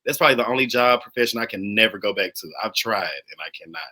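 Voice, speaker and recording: Laughy guest guy, talks frank, super sharp bright voice. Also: fairly low pitch, expressive, fast talker, poor audio. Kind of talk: casual conversational interview.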